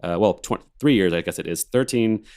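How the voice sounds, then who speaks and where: A laid-back American man in his thirties with a very low, deep voice, from Alabama. He rambles through his story in a casual chat over a video call and laughs easily. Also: brisk, darkish tone, clear, resonant tone. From Alabama, USA. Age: 30s. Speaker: organist and film composer, co-host.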